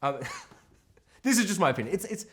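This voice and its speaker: A man co-hosting a film podcast, talking casually in an animated way and swearing a lot. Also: sits high, moderate pace. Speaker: podcast co-host.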